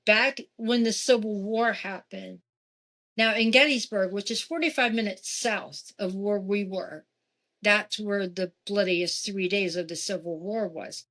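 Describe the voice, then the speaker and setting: Woman telling a ghost story. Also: measured pace. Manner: animated, jumping in pitch for quoted voices. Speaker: guest. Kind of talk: casual storytelling.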